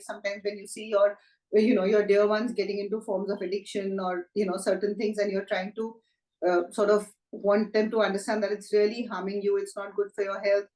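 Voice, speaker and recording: A woman, a Reiki teacher speaking gently and reflectively in a conversational talk, often asking rhetorical questions. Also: mid-range voice, steady tone, brisk, echoey room, rough recording. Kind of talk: conversational talk on self-help.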